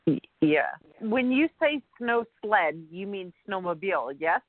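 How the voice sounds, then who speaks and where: A woman's voice: mid-range voice, expressive, measured pace, no room sound. Host from Canada, woman, short questions, thin phone-line sound. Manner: brief interjections and laughs. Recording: tinny dry phone line.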